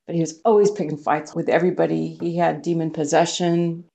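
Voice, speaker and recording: A woman with a low, gravelly voice gives an earnest personal testimony as an interview guest. She tells her story like a storyteller and acts out what others said. Her tone is dark and mellow. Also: flat delivery, brisk. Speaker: missionary guest.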